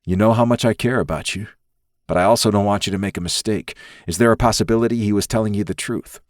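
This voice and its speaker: Man reading a calm steady mobster buddy, low voice, asks careful questions. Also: quick pace, dry recording, studio quality, lightly acted. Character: calm protective male friend from a mob family.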